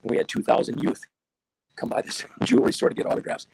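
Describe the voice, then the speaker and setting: A man's voice: quick pace, darkish tone, no room sound. An older man, a veteran radio broadcaster, telling stories enthusiastically over a video call that makes him sound robotic. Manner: enthusiastic, wide-ranging delivery. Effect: robotic digital distortion. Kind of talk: casual storytelling interview.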